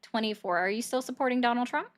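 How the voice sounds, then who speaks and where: A woman's voice: a little high, quick pace. Sarcastic woman hosting a live stream. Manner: sarcastic, mock-innocent. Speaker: stream host. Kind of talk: live-stream political commentary.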